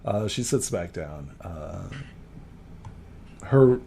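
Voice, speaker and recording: A man running a tabletop game in a loose, chatty style, with a very animated, swinging pitch. He giggles often and fills pauses with ums and uhs, over a faint background hiss. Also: gravelly. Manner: casual, giggly, many fillers. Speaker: game master.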